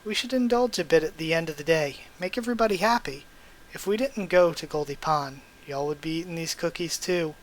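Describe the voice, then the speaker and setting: A man voicing a weary, guilt-ridden adult male survivor, with a quiet, resigned reading voice. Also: a little high, a little fast, close to an everyday voice, poor audio. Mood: grieving.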